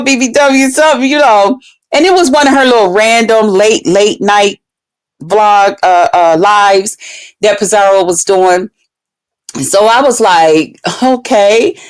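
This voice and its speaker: A woman, telling a story in a casual vlog, animated and swearing, acting out quotes with big swings in her voice. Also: fairly high pitch. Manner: swears freely, talks straight to her viewers.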